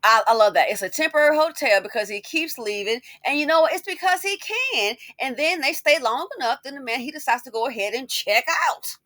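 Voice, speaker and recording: A woman's voice: sits high, expressive, brisk, hardly any pauses, fairly bright tone, no room sound, clean studio sound. A woman giving sassy, scolding commentary in a casual style. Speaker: commentary host.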